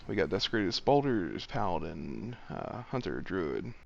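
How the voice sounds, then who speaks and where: A low, gravelly male voice coming through muffled lo-fi voice chat. He runs a game raid, calling out bids and directions in a plain, matter-of-fact way. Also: big pitch swings, measured pace, darkish tone, slight background noise. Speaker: raid leader running loot auction. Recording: dull lo-fi voice chat audio.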